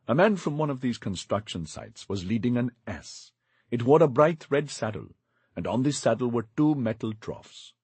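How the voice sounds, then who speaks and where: Husky, animated male audiobook narrator. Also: mid-range voice, no echo. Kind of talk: scripted first-person narration.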